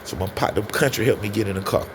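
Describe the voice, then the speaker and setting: A man telling a personal story in a casual, animated way, often turning to his listeners. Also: on the low side, fast, noisy background. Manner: animated, addresses listeners as y'all. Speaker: storyteller guest.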